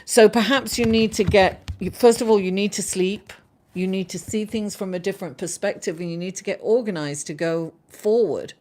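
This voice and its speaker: A woman's voice: mid-range voice, normal speed, a little mellow. A woman hosting an astrology livestream, chatting casually, laughing often and reading out viewer comments.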